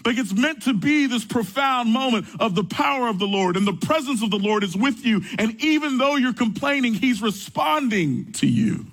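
A young man preaching a sermon, reading scripture and telling stories from his own life in a conversational, animated way. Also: extremely high pitch, moderate pace, few pauses. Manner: conversational storytelling, rising animated when excited. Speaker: pastor.

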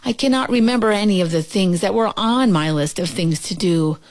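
A woman's voice: mid-range voice, fairly quick, natural voice. A woman voicing a fussy, anxious male toad who lives by his lists, in a storybook read-aloud. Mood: glum. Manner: fretful, wailing when upset.

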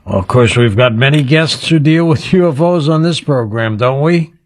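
A man's voice: medium pitch, expressive, normal speed, no echo, studio quality. A man hosting a radio talk show, teasingly quizzing a mystery guest. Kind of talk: playful radio interview.

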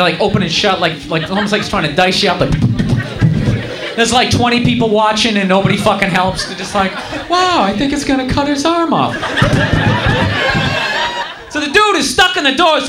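A man's voice: high-pitched, expressive, fast talker, music in the background, a crowd in the background. A man doing stand-up comedy, telling a story in a rambling, exasperated way. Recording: roomy live club recording with audience. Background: audience laughter.

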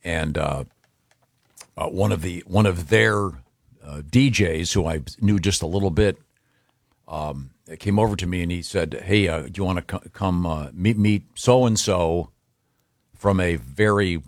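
A man's voice: deep voice, no room sound, clean studio sound. A man hosting a radio show, telling a rambling story in casual chat, stopping often to find his words. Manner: rambling, halting with fillers.

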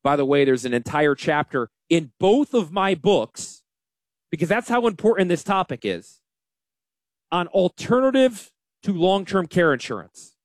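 A man hosting a casual financial radio show, talking in an animated, joking and self-deprecating way. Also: high voice, unhurried, no room sound, studio quality. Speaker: financial advisor and radio host.

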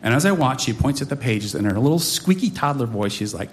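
A man in his forties telling a wry, animated personal story on stage to a live audience, with mock-dramatic asides. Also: medium pitch, quick pace, slight background noise.

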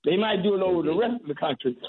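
A man's voice: sits high, animated, breathy edge. Earnest man on a tinny phone line. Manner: earnest, halting with repeated restarts. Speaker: reverend, radio guest. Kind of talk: call-in radio talk.

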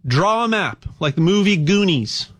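A man with a somewhat raised voice talks through a loose promotional monologue as a host. He rambles and gets animated, stumbling and restarting his sentences before pressing on. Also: sits high, normal speed. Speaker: host pitching gold buying.

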